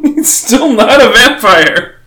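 A podcast co-host making quick, wry comments during a comedic reading. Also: mid-range voice, lively intonation, pushed and bright. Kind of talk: casual comedic chat.

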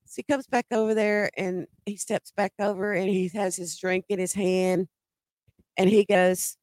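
A woman's voice: medium pitch, fairly even intonation, measured pace, darkish tone, dry recording. A middle-aged woman telling a personal story in a conversational way, with emphatic quoted dialogue.

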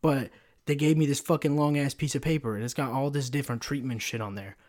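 A man's voice: medium pitch, steady tone, fast talker, a little mellow. Young man, solo podcast host, foul-mouthed rambling rant, close mic. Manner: profane, rambling storytelling with many fillers. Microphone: pop filter mic.

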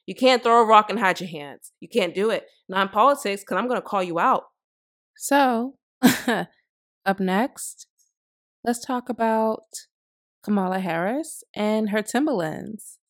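A woman's voice: medium pitch, animated, measured pace. A woman in her thirties hosting a podcast, giving blunt, profane, emphatic opinion commentary in a casual way. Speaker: podcast host.

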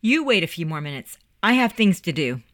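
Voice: mid-range voice, sing-song, fairly quick, a bit bright, dry recording, clean studio sound. A narrator voicing a proud, curious teenage boy who asks defensive, disbelieving questions in an audiobook. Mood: defiant. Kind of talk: audiobook character voice.

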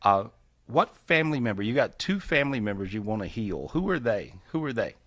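A man's voice: medium pitch, big pitch swings, fairly quick. A man hosting a live spiritual healing call-in over a video call, folksy and repetitive, laughing often. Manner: warm, folksy, repeats phrases, laughs often. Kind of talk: casual live call-in session.

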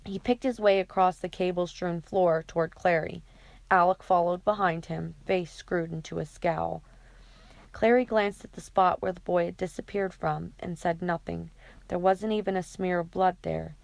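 Casting note: woman audiobook narrator, steady delivery, gravelly low voice, dry close sound. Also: normal speed, no room sound.

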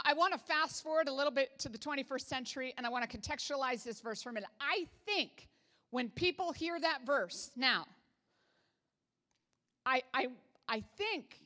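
A woman's voice: high voice, animated, normal speed, pushed and bright, big-room sound. A woman pastor from Canada preaching a sermon in a casual, humorous way, with asides to the congregation. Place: church sanctuary.

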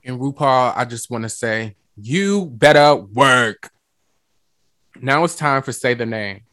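A man hosting a music and talk radio show, lively and playful, with slang and drawn-out emphasis. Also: mid-range voice, dry recording.

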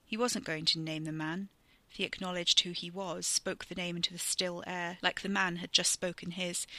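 A storyteller narrates in a vivid, steady way, in a very bright and sharp voice with a gravelly grain. The recording is dry and close, with no room sound. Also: medium pitch, no echo. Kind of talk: scripted narration.

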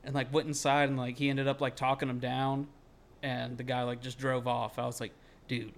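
A man's voice: medium pitch, flat delivery, moderate pace, slight background noise. A young man telling a long story in casual podcast chat. He rambles, fills his talk with "like" and swears freely. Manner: rambling, heavy on filler "like", swears freely, shouts when quoting himself. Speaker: podcast co-host.

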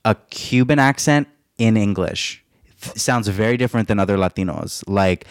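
Male podcast co-host, lowish voice, dry close sound, loose chatty delivery. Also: normal speed, clear, resonant tone, no room sound. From United States. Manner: chatty, laughs often, lots of fillers. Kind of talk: casual chat.

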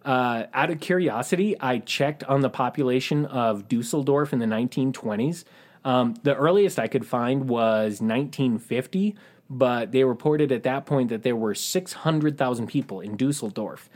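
A man's voice: mid-range voice, moderate pace, darkish tone. A man hosting a true crime podcast, narrating in a matter-of-fact way with wry asides. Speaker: podcast host.

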